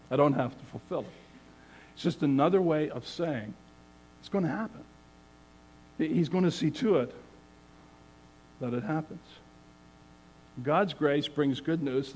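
A man preaching a sermon, earnest and measured, reading scripture aloud with emphasis. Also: on the high side, darkish tone, slight background noise, rough recording.

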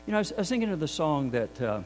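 An older man preaches a sermon, with a voice sitting a little on the high side. He tells folksy stories, restarts his sentences often, and moves from loud emphasis to soft, quiet asides. A low mains hum runs behind him. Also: big pitch swings, racing, low-quality recording. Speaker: pastor.

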